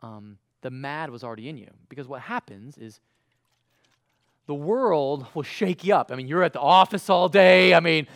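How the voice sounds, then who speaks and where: Animated high-voiced male preacher. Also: normal speed, no room sound, clean studio sound. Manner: animated, swings from quiet asides to loud bursts; casual, uses fillers. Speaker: pastor. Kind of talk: live sermon.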